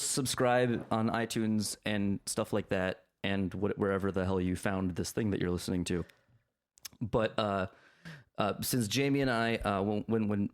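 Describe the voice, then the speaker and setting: A man hosting a podcast in casual chat, joking and rambling with many fillers and restarts. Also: fairly low pitch. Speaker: podcast host.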